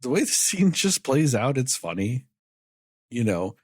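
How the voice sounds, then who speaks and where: Animated man rambling in a film chat. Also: medium pitch, husky, dry recording, studio quality. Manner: animated, rambling, swears freely; often acts out characters' lines in quick asides. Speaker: podcast co-host. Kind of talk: casual film review chat.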